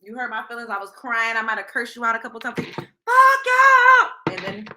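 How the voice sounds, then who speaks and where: A woman's voice: on the high side, steady tone, very fast, bright, forceful tone, slight background noise. A young adult woman hosting a talk show, giving blunt, profane advice in a casual monologue and laughing often. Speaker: show host.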